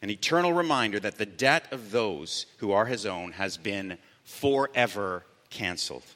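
Pastor type, man, earnest sermon delivery with slow emphatic stresses, bright voice, long church reverb. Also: fairly low pitch, lively intonation.

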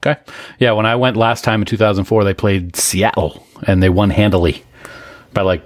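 A man's voice: lowish voice, fairly even intonation, fairly quick, no room sound. A man co-hosting a podcast, chatting casually and laughing often at himself. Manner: laughs often, self-deprecating banter. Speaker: podcast co-host. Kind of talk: casual chat.

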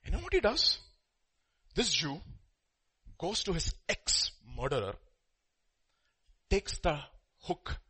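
Husky bright-voiced guy preaching, storytelling, loud bursts then quiet. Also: medium pitch. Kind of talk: sermon.

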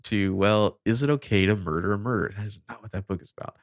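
Deep gravelly man, casual recap. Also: fast talker, no room sound, studio quality. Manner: laid-back, wry, quotes characters in a flat voice. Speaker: podcast co-host recapping a show. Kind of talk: casual chat, recapping scenes.

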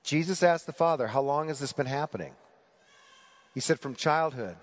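A man preaching a sermon, asking the congregation rhetorical questions in an animated way. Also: on the high side, moderate pace, in a large hall. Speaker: pastor.

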